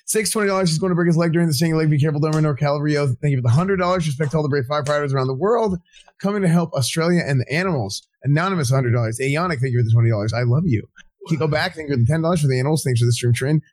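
A man on a live stream rattling off donor names and amounts with quick jokes. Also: fairly high pitch, dry recording. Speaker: streamer reading donations. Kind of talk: fast donation shout-outs on a charity stream.

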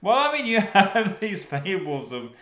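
A man's voice: sits high, very animated, unhurried, fairly bright tone. A man co-hosting a podcast in casual chat, rambling and swearing with many restarts, a few beers in. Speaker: podcast co-host. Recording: echoey room.

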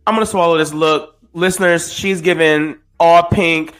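A man's voice: a little high, normal speed. A man co-hosting a podcast, giving casual, playful reality-show recap commentary. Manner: animated, playful banter. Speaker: podcast co-host.

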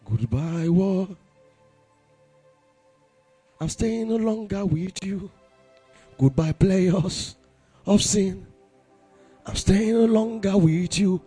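A man with a Nigerian accent preaching a sermon to young people, impassioned and breaking into shouted exclamations. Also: high-pitched, extremely slow, long pauses, husky, no echo, faint music behind. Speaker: youth preacher.

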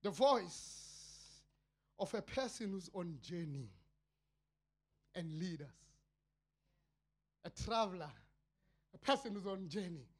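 South African male pastor, slow fiery sermon, cries out then drops to murmurs. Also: animated. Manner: impassioned, swinging between shouted cries and low murmurs.

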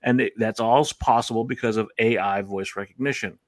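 A man's voice: lowish voice, fairly even intonation, fairly quick. Man ranting with heavy swearing. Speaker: podcast co-host. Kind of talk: casual profane banter.

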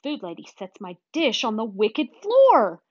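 A woman reading a children's chapter book aloud with expressive, animated storytelling. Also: on the high side, a little slow, slightly rough, no echo. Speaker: storybook reader. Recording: dull, dry recording.

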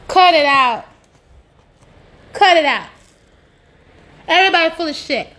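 A woman's voice: sits high, fairly bright tone. A woman delivering a blunt, profane ranting monologue, hammering points with repetition. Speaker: social media commentator.

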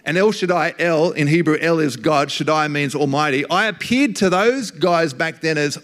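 A man's voice: on the high side, moderate pace, fairly bright tone. Earnest man preaching. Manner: earnest, emphatic, conversational preaching. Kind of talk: sermon.

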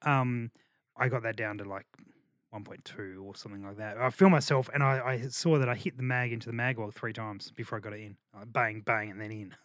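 A man's voice: fairly low pitch, fairly even intonation, brisk, fairly bright tone, no echo, clean studio sound. A man hosting a casual chat, laughing often and trailing off with fillers. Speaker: podcast host.

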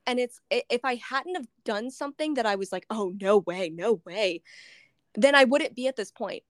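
A woman's voice: fairly high pitch, a little fast, a bit bright, dry recording, clean studio sound. A woman hosting a podcast interview, chatty and emotional, laughing often as she shares her story. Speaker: podcast host. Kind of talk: casual interview chat.

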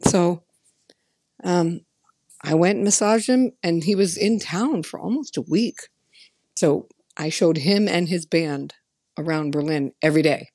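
Low-voiced woman telling a chatty story. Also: measured pace, dry recording, clean studio sound. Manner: chatty, emphatic, animated quoting of others. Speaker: podcast host. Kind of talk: casual storytelling monologue.

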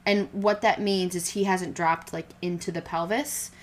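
A woman's voice: fairly low pitch, fairly even intonation, normal speed. Candid young woman, rambling chat. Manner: candid and rambling, many fillers and restarts. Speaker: podcast co-host telling her birth story. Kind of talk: casual chat.

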